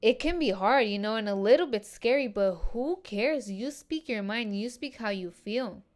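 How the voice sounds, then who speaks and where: A young woman hosting a casual solo podcast, talking in a slangy, animated way and swearing a lot. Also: a little high, normal speed. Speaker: podcast host.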